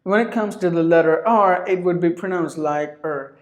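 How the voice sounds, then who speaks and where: A man teaching English pronunciation, repeating each word several times in a drawn-out way. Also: fairly high pitch. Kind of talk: pronunciation lesson. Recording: roomy echo.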